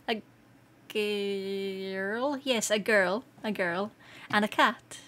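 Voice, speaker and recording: A Scottish woman streaming live, chatting casually with viewers, excitable and quick to laugh. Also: mid-range voice, a little hiss or hum. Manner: excitable and giggly, laughs often. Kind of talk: casual livestream chat.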